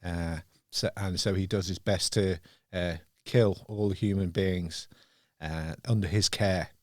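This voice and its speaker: A man's voice: low-pitched, steady tone, unhurried, a little mellow, dry recording. Dry, reflective male podcast host. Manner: reflective, searching for words. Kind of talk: casual film chat.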